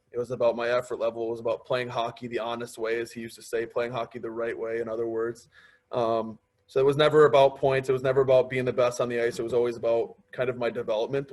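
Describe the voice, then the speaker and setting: A young man in his twenties speaks as a podcast guest in a relaxed, conversational way. He tells long personal stories and drops into quick impressions of the people in them. His pitch sits in a middle range. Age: 20s. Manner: storytelling, quoting others in lively asides. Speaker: podcast guest, pro hockey player. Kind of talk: casual interview chat.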